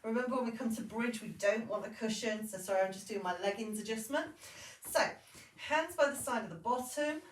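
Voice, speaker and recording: A woman leading a Pilates class, giving calm, steady cues and counting through each exercise. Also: fairly high pitch, a little fast. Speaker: Pilates instructor. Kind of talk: guided exercise class instruction. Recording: echoey room, voice from a distance.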